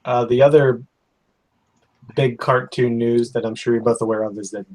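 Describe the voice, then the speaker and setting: A man chatting casually about cartoon news in a relaxed, tentative way, often hedging what he says. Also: medium pitch, normal speed, rough recording. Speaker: cartoonist in a drawing group. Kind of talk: casual chat.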